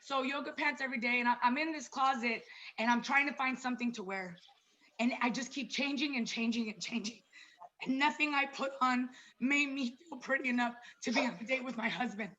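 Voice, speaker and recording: A woman's voice: high-pitched, a little fast, sharp tone, highs cut off. A woman in her thirties giving a casual, chatty online presentation as a wellness coach, talking personally to her listeners as "you guys.". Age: 30s. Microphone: video call.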